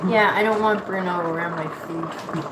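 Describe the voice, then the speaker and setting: A woman's voice: lowish voice, steady tone, moderate pace, echoey room, heavy background noise. A woman from Nova Scotia with a Nova Scotian accent, chatting folksily to her livestream while she cooks in her home kitchen. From Nova Scotia, Canada. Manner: folksy, drawling, chatty and self-amused. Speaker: vlogger cooking on a livestream. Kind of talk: casual livestream chat while cooking. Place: home kitchen with a pot boiling.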